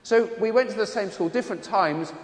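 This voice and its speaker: A priest from London with a London accent, reading the gospel and then preaching in a chatty storytelling way. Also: male voice, high voice, fairly quick, echoey room, big-room sound. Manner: chatty storytelling with voiced impressions.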